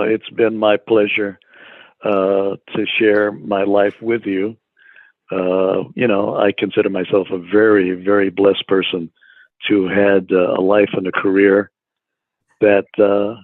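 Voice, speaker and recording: A man in his eighties, a guest being interviewed, speaking in a measured and hesitant way with frequent fillers. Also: fairly low pitch, level tone, no room sound. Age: 80s. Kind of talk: interview conversation. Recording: tinny dry phone line.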